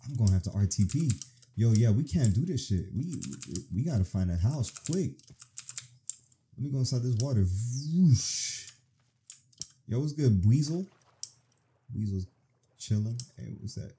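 A young man gives profane, excited let's-play commentary, talking to the game as he plays. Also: mid-range voice, normal speed, pauses often, slight background noise. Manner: profane, animated reactions, talks to the game. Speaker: gaming streamer.

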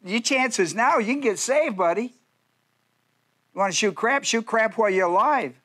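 This male pastor's sermon is folksy and jokey, peppered with quick asides and teasing digs at the listeners. He speaks in a high, slightly bright voice with lively intonation.

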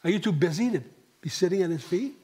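Middle-aged man, pastor, husky voice, dramatic sermon, rhetorical questions, hushed asides. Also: high voice, lively intonation, quick pace. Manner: dramatic, dropping to near whispers and rising for emphasis; asks the congregation rhetorical questions. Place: church.

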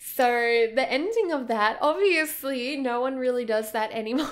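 A woman's voice: high-pitched, moderate pace, hardly any pauses. A young Australian woman chatting in a casual, bubbly, rambling way as a game YouTuber. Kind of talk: casual vlog commentary.

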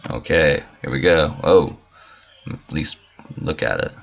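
A man with a very deep, gravelly voice that still comes through bright, chatting through a gameplay video. He swears freely and throws in mock-indignant asides. The recording is dull and lo-fi. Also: takes it slowly. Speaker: gamer. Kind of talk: casual let's-play commentary.

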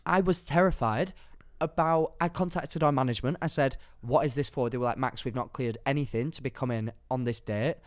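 A young man co-hosting a podcast in casual chat, telling stories excitably with sudden loud bursts. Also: medium pitch, brisk, few pauses, clear, resonant tone, dry recording. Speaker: podcast co-host. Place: podcast studio.

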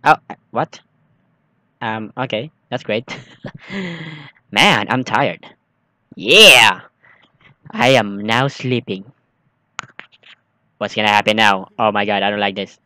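Jumpy bright-voiced man playing a game. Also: lowish voice, slow, long pauses, dry recording. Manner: jumpy, exclaiming, nervous chatter. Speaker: gaming streamer. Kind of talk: let's play commentary, reading game text aloud.

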